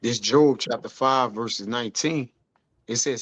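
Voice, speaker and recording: A man's voice: mid-range voice, a little slow, fairly bright tone. A man reading a verse and commenting on it casually, often saying "man". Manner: casual, says man a lot. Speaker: study group member.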